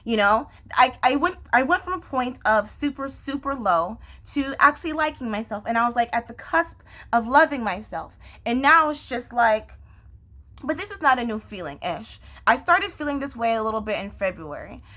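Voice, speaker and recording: A young woman with a bright, forceful voice and a fairly high pitch, talking straight to her viewers. Her vlog talk is candid and loose, with lots of laughing along the way. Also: expressive, moderate pace. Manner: candid, laughs often, restarts and fillers. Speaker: vlogger.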